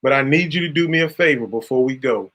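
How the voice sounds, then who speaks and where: A man's voice: medium pitch, fast talker, fairly bright tone. A man hosting a faith talk show, speaking in a preacherly, affectionate, exhorting way. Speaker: host. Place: Carolina.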